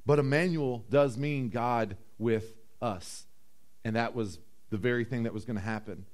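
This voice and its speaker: A man preaching a sermon as pastor, telling the story with animated acted-out voices and dropping low and slow for emphasis. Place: church.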